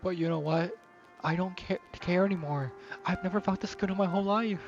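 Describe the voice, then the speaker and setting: A man voicing an obsessive, intense teenage girl, reading her lines low and soft in a dull, lo-fi recording. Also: a little fast, faint music behind.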